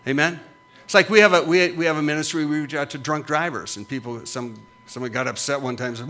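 A man's voice: on the high side, fast talker, sharp tone. A middle-aged man preaching as a pastor, with emphatic, punchy repetitions that rise and fall. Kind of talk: sermon.

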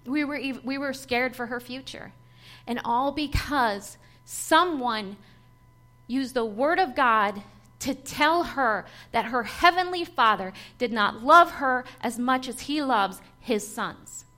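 A woman's voice: a little high, animated, slow pace, pushed and bright. A woman giving a personal testimony sermon to a church gathering, telling her story earnestly and with feeling, breaking into light laughs.

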